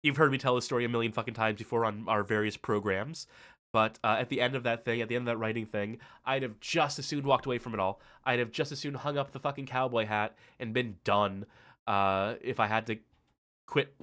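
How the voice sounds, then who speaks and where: A man's voice: mid-range voice, steady tone, sharp tone. A man hosting a live stream, thanking his co-hosts in a rambling, heavily swearing way, tired and emotional, full of fillers and restarts. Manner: heavy swearing, rambling, halting with many fillers. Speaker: host. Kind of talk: casual stream thank-you speech.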